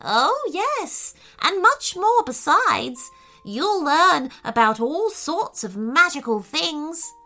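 A woman voicing a kind, very old lady who speaks warmly and gently. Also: sits high, sing-song, slow pace, faint music behind, pitched above the performer's own voice, heavily acted. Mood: delighted.

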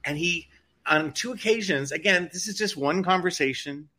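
Bright-voiced chatty man. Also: high-pitched, normal speed. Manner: rambling, indignant commentary with many restarts. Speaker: co-host. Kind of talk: casual chat.

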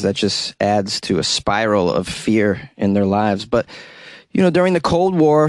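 A man's voice: fairly low pitch, no room sound. A man hosting a call-in talk radio show, reading news stories and adding wry, sarcastic asides in a chatty manner.

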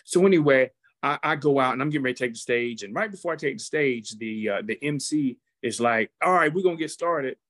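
A male chaplain tells a testimony with lively, preacherly energy, stopping to act out each quote. His pitch sits in the middle range. The sound is dry and close, with no room echo. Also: quick pace, few pauses. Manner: animated, acts out quotes, preacherly asides. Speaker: football team chaplain. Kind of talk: testimony storytelling.

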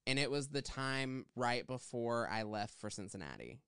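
A man's voice: medium pitch, big pitch swings, normal speed, a bit bright, clean tone, no echo, clean studio sound. Chatty man telling a salon story. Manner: chatty, rambling with fillers. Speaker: podcast co-host, hairstylist. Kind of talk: casual chat, storytelling.

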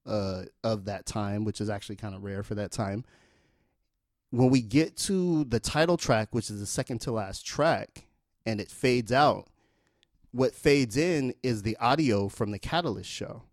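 A man in his forties telling a long casual anecdote in a relaxed, rambling way, with lots of fillers. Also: fairly low pitch, no room sound, studio quality. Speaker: storyteller.

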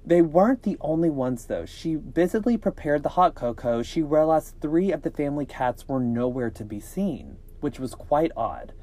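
A man's voice: fairly high pitch, animated, moderate pace, hardly any pauses, warm tone. A man casually reading a scary story aloud on a podcast, with small slips and joking asides.

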